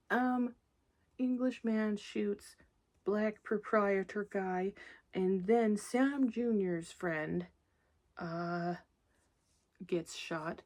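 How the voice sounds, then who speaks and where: A woman's voice: mid-range voice, mellow. A woman giving a casual, rambling movie recap, swearing freely, laughing often and drifting into asides to herself. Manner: profane, candid, laughs often; digresses and talks to herself. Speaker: movie reviewer.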